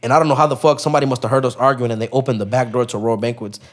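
A man guesting on a podcast, telling a story in casual, profane street slang, with lots of "bro" and lively acted-out lines. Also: mid-range voice, rapid-fire. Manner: acts out other people's lines in raised voices.

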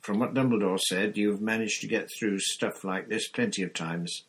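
Casting: gruff grizzled old wizard, growling, deep and husky, read by a man. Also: moderate pace, fairly bright tone, poor audio.

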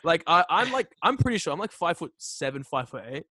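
Young man, halting chatter. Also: a little high, very animated, breathy edge, no room sound. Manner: halting, filler-heavy, trails off quietly. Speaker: podcast guest. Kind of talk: casual chat.

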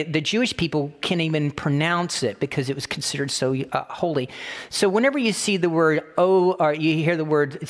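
A man preaching a sermon, emphatic and repetitive, slowing down to quote scripture. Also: on the high side, long reverb tail. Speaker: pastor.

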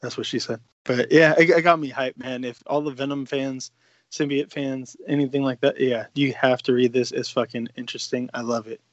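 Excitable, profane man recapping a comic. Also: mid-range voice, brisk, no echo, muffled recording. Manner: excitable, profane, rambling storyteller. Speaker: podcast co-host. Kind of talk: casual chat recapping a comic.

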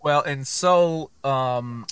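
A man hosting a casual chat, relaxed and rambling, with plenty of ums. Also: medium pitch, extremely slow, smooth. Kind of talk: casual conversation.

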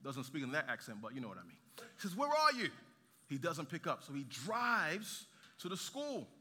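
A man from Nigeria preaching a sermon, telling a story with animated, joking asides to the congregation. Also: mid-range voice, normal speed. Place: large church hall. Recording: reverberant hall.

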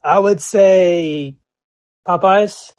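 High-voiced excitable young man. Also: drawn-out words, no echo. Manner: excitable, rambling storyteller with lots of restarts and slang. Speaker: podcast co-host. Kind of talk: casual chat.

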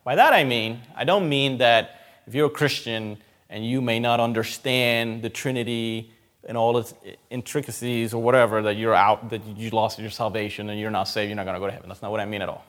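A man preaching a sermon, emphatic, often repeating key phrases and swinging between loud and quiet. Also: fairly low pitch, steady tone, brisk.

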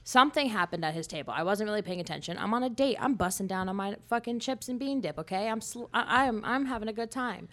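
A young woman co-hosting a podcast, telling a story in a casual, animated way with plenty of swearing. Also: mid-range voice, fast, hardly any pauses. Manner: animated, profane, lots of "okay?". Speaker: podcast co-host.

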